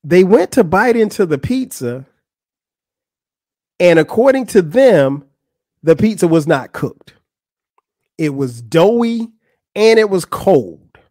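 A man's voice: takes it slowly, long pauses, dry recording, clean studio sound. A man hosting a podcast, telling a funny story in a casual way and acting out the people he quotes. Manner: animated, acts out quotes with rising pitch. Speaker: podcast host.

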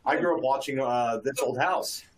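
Fed-up abatement guy venting on a panel, mid-pitched voice, lots of restarts. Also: normal speed, low-quality recording. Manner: exasperated, ranting with frequent restarts. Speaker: asbestos abatement professional. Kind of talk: casual panel discussion.

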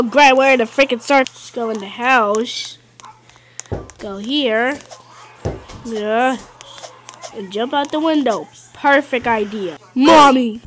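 A woman giving casual gameplay commentary, excitable, often yelling and taunting at the game. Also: high voice, slight background noise, rough recording. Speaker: gaming video host.

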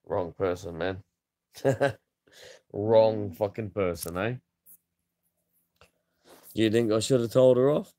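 A man's voice: on the low side, takes it slowly, pauses often, warm tone. A man in his thirties, chatting casually to camera in a rambling way, swearing freely. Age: 30s. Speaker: vlogger.

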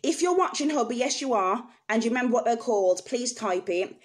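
A woman's voice: fairly high pitch, expressive, a little fast. A woman vlogger speaking candidly to her viewers, telling a personal story in an earnest, emotional way. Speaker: vlogger sharing personal experience.

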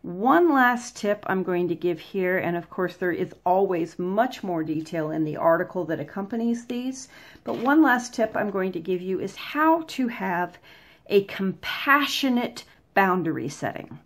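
A woman hosts a vlog, giving advice in a casual, conversational and plain-spoken way and acting out examples. Her medium-pitched voice is animated and her pace measured.

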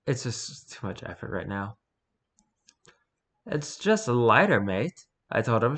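A man casually reading a spooky first-person story aloud, relaxed and unpolished, stumbling and correcting himself as he goes. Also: mid-range voice. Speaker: story reader.

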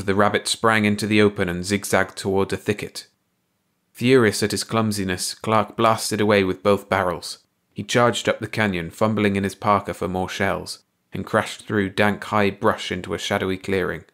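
A man reading a short story aloud as an audiobook narrator, in a measured, even storytelling delivery. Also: fairly low pitch. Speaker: audiobook reader.

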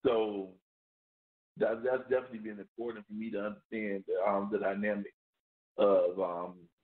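A man's voice: lowish voice, level tone, moderate pace. A man hosting a radio talk show, speaking conversationally and often asking "you know what I'm saying". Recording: tinny phone line.

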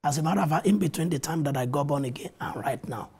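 A man's voice: on the high side, quick pace, a little mellow, slightly rough. A pastor telling his stories of faith in a TV interview, earnestly quoting scripture and retelling events with animation. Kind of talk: testimony in a TV interview. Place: TV studio.

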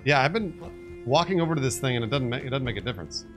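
A male streamer chatting loosely while he plays, stopping to thank viewers for subscriptions. His voice is animated, with game music playing in the background. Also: mid-range voice, quick pace. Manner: rambling, thanks viewers for gifts. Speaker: streamer host. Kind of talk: casual live-stream chat.

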